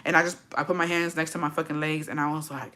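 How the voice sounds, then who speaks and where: A woman's voice: low voice, level tone, quick pace, sharp tone. A young woman telling a personal story in a casual vlog, blunt and swearing a lot, rambling with fillers and slipping into Spanish.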